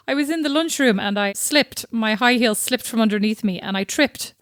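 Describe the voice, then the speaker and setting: A woman's voice: a little high, normal speed, hardly any pauses, dry recording, studio quality. A woman co-hosting a podcast, casually telling self-mocking stories and laughing at herself. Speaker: podcast co-host. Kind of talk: casual chat.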